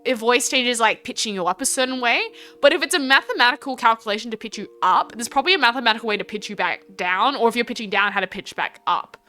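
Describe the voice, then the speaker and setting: Woman, Australian accent, young adult, rambling livestream chat, slightly high pitch, smooth clear voice. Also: pushed and bright. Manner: chatty and rambling, with many fillers and restarts. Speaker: VTuber streamer.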